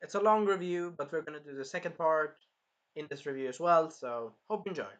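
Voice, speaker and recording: Male reviewer, loose rambling recap, higher-pitched, bright and forceful. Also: a little fast, muffled recording. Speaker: anime reviewer. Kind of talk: casual episode review.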